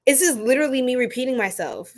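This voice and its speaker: Woman, slightly high voice, playful, laughing often, live-stream chat. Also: animated, fast. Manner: laughing a lot, playful, chatty. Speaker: tarot reader.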